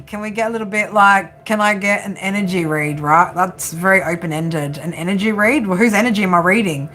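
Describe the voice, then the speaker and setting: A woman's voice: mid-range voice, pushed and bright. A woman hosting a casual live-stream tarot reading, chatty and giggly, often ending her lines with "right?".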